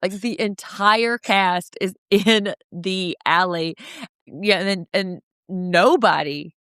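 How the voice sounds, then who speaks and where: A woman co-hosting a casual recap podcast, animated and breaking into mocking impressions. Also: mid-range voice, slow, clear, resonant tone, no room sound, studio quality. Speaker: podcast co-host.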